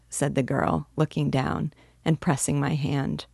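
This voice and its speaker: Woman reader, low voice, dry close sound, measured. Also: little pitch movement, vocal fry, a little mellow, husky, no room sound. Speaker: audiobook reader. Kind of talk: literary reading.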